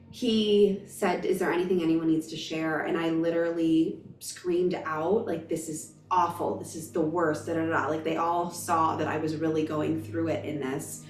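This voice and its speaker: A woman's voice: low voice, a little mellow, echoey room, distant mic. A woman in her thirties, a spiritual vlogger, telling a personal story in an emotional, emphatic, gushing way.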